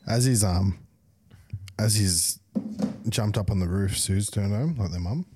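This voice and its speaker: A man's voice: fairly low pitch, normal speed, darkish tone, a little hiss or hum. A young man co-hosting a podcast, telling a laughing, swearing anecdote in casual chat. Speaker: podcast co-host.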